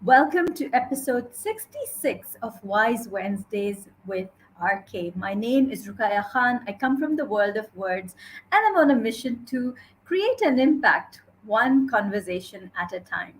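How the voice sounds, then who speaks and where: An enthusiastic woman hosts a live talk show, welcoming her guest with upbeat warmth. Faint noise sits behind her voice. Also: fairly high pitch, lively intonation, measured pace, rough recording. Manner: bubbly, enthusiastic. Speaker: host.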